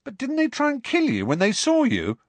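A man's voice: fairly high pitch, wildly swooping pitch, moderate pace, husky, no echo, voice pushed up, full character voice. A man voicing Ron, an eager, curious teenage boy who fires off incredulous questions.

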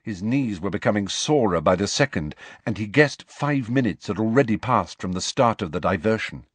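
A man's voice: on the low side, moderate pace, slightly rough, no echo. A man narrating a novel as an audiobook reader, telling it expressively. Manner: expressive storytelling. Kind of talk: scripted narration.

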